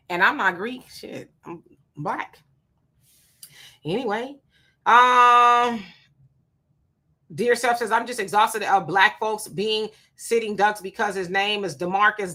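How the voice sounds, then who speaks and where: A woman's voice: mid-range voice, bright, forceful tone. A woman co-hosting a live stream, reading viewer comments aloud and greeting people by name in a blunt, casual way. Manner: blunt, talks back to commenters.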